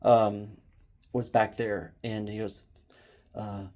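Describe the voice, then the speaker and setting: A man vlogging outdoors into a handheld phone camera. He tells his story in a rambling, animated way. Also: lowish voice, normal speed. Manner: rambling and animated, bursts into loud shouts when quoting.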